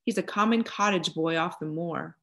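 A spoiled, sulky young boy from a storybook snaps and sneers in a lowish voice, as a woman reads him aloud. The voice has a gravelly edge, and the tone is petulant and scornful throughout. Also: moderate pace, fairly bright tone. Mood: sneering. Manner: sneering, snapping.

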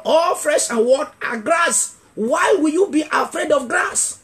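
A man preaching a revival sermon as an evangelist, asking the congregation questions and repeating key phrases for emphasis. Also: very high-pitched. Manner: emphatic, builds to shouting.

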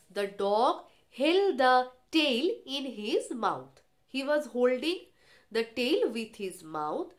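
A woman teacher reading a children's story aloud, retelling each line and explaining words in simple terms. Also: a little high.

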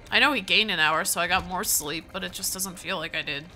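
A woman's voice: on the low side, fairly quick, sharp tone, faint music behind. Sleepy woman rambling over gameplay. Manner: rambling, thinks aloud, reads item names. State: sleepy, yawning. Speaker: gaming let's play host. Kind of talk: casual gameplay commentary.

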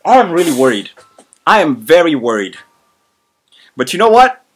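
Male reaction host, excitable and chatty, high-pitched with big swings in pitch. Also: moderate pace, soft background music. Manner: excitable, exclaims often, many fillers. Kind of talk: live reaction commentary.

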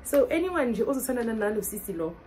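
A young South African woman vlogging casually, excitable and laughing often as she mixes English and Zulu. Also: a little high, fast talker, faint music behind, low-quality recording. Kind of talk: casual vlog chat.

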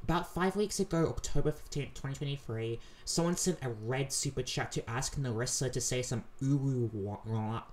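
A woman's voice: extremely low pitch, normal speed, few pauses, darkish tone, a little hiss or hum. A woman hosting a reaction video, talking casually and rambling with many fillers and restarts. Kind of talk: casual commentary over clips.

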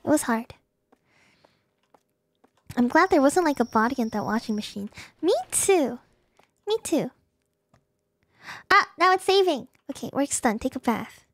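A young woman streaming a game, chatting casually with her chat, jumpy and quick to swear when startled. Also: high-pitched, expressive, no room sound. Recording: clear game music behind voice. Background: game music.

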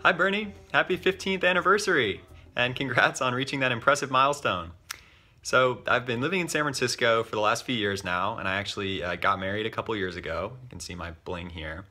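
A man's voice: mid-range voice, a little fast, sharp tone. A young adult man recording a sincere video greeting to his former pastor.

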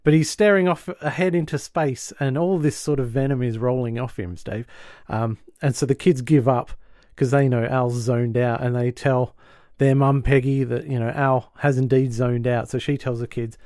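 A man's voice: mid-range voice, steady tone, moderate pace, few pauses, darkish tone, dry recording, clean studio sound. A male podcast host recapping a sitcom episode in a chatty way, laughing easily and acting out the lines.

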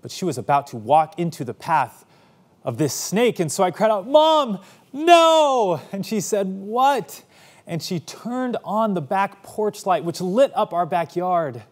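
Animated storytelling pastor, fairly high voice. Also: male voice, moderate pace. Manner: animated, acts out voices in his stories. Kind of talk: sermon storytelling.

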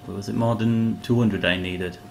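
A man with a fairly low voice, chatting playfully through a game session and greeting the characters he meets. His asides are loose and jokey, like idle commentary to himself. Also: steady tone, normal speed, vocal fry, darkish tone, slight background noise. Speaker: gamer. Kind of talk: let's play commentary.

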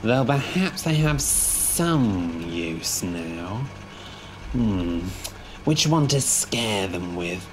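A man voicing a grumpy, scheming male diesel engine who talks in a low, slow mutter. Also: fairly even intonation, background noise.

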